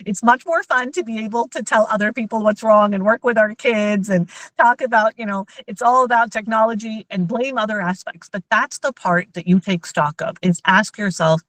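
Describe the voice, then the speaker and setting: A woman and mother giving a lively workshop talk on emotional intelligence to parents and teachers. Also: mid-range voice, no echo, poor audio. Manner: lively, acts out everyday scenes in quoted voices.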